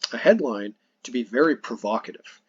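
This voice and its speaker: A man's voice: medium pitch, lively intonation, fairly quick, darkish tone, slightly rough, no room sound, dull audio. A man hosting a podcast, earnestly explaining his points in casual conversation, restarting phrases as he goes. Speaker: podcast host.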